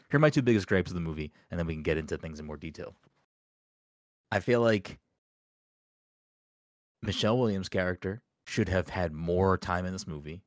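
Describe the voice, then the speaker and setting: A man's voice: sits low, no room sound, studio quality. A man co-hosting a casual podcast chat, blunt and emphatic, swearing freely. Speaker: podcast co-host.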